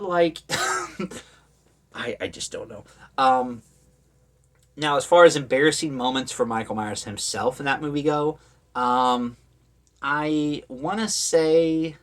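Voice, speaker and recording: Male horror vlogger, mid-range voice, casual rambling commentary, sarcastic. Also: mid-range voice. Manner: rambling, with many fillers and sarcastic asides.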